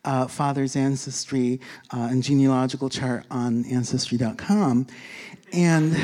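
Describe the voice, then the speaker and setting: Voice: medium pitch, darkish tone. A speaker telling a casual travel anecdote, rambling with many fillers and restarts, chuckling along and acting out what others said. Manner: rambling, full of fillers and self-corrections; chuckles while telling, acts out quoted speech. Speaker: storyteller. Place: lives in a big city, abroad on a trip.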